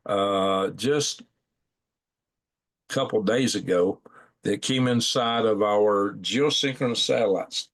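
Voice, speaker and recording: A man hosting a casual live stream, rambling in a folksy way and thinking aloud as he clicks through maps at home at night. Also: fairly low pitch. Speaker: channel host.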